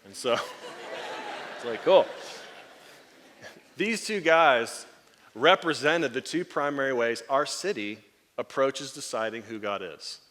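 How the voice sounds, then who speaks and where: Slowly, with long pauses, a man in a mid-range voice delivers a sermon as the pastor of a church sanctuary, where long hall reverb lingers. He tells stories animatedly, laughing and performing the voices of the people he quotes.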